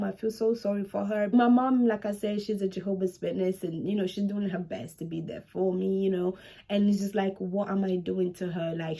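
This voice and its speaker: A woman in her twenties talking casually to camera in a home vlog, animated and chatty, repeating herself for emphasis. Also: medium pitch, creaky. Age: 20s. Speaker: vlogger.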